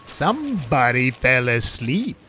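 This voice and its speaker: Excitable swearing male game streamer. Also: medium pitch, takes it slowly, faint music behind. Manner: excitable, swears and yells at monsters; loose storytelling to teammates. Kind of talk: casual gameplay commentary.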